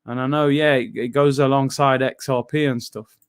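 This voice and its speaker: A man's voice: mid-range voice, steady tone, normal speed, smooth, no echo, clean studio sound. A man hosting a live football watchalong, chatting casually in slang and reading out chat messages.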